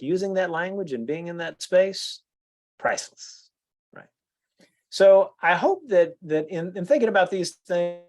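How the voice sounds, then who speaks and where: A man, giving a speech at a club meeting and telling stories with lots of restarts and fillers. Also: sits high. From United States. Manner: animated storyteller, frequent restarts and "you know". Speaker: guest speaker at a club meeting. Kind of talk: anecdotal speech.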